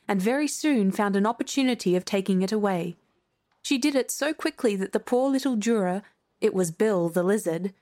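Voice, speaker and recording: Woman storybook narrator, measured and clear, mid-pitched. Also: darkish tone. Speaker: audiobook narrator. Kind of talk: storybook reading.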